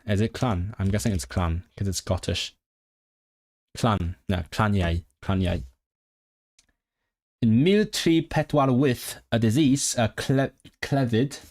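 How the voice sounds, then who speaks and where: A man's voice: lowish voice, measured pace, a little mellow. Man sounding out words on a stream. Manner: thinks aloud, sounding out and repeating new words. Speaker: language-learning streamer. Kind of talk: casual livestream study session.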